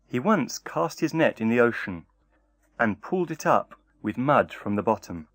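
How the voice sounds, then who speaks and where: A man narrating a fairy tale in a measured, expressive reading style. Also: mid-range voice, no echo. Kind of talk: storybook narration.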